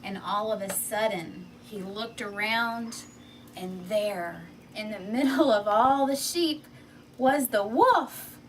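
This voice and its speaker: A woman telling a children's fable with props, in an expressive and animated way. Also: mid-range voice, takes it slowly. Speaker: storyteller. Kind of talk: children's story read aloud with props. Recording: distant mic, faint background noise.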